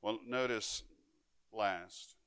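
A man pastor preaching a sermon, with emphatic delivery that swings between loud and soft and between fast and drawn out. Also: on the low side, clear, resonant tone, dry recording. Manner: emphatic preaching with wide swings in loudness and pace.

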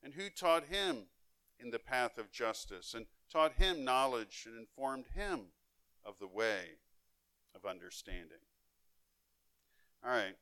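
A man pastor preaching a sermon, with emphatic delivery that swings between loud and soft and between fast and drawn out. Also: medium pitch, dry recording. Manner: emphatic preaching with wide swings in loudness and pace.

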